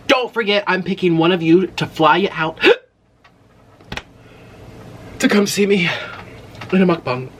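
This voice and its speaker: A young man hosting a casual eating vlog, talking freely and letting out loud exclamations as he tries spicy food. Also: high voice, slow, pauses often, a little hiss or hum. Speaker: mukbang host.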